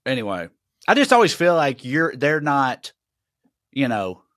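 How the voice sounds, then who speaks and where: A man's voice: mid-range voice, unhurried, no echo, clean studio sound. A man from the Southern United States with a Southern accent, co-hosting a podcast and telling a story in a loose, profane way. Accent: Southern American. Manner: loose, profane, animated, with restarts. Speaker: podcast co-host. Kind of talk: casual storytelling chat.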